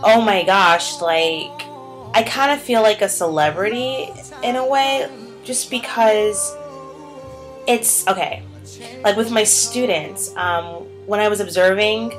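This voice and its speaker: A woman's voice: medium pitch, slow pace, faint music behind, low-quality recording. A young woman and teacher in a casual vlog chat, rambling with lots of "like" and "um" and acting out what people said. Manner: chatty, heavy on "like" and "um", acts out quotes. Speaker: vlogger.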